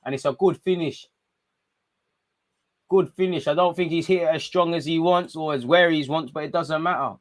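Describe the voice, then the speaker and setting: A man's voice: fairly high pitch, moderate pace. Young guy streaming a footy watchalong, slangy, chatty, gets hyped on goals. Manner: chatty, excitable, slangy street talk. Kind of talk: live match watchalong commentary.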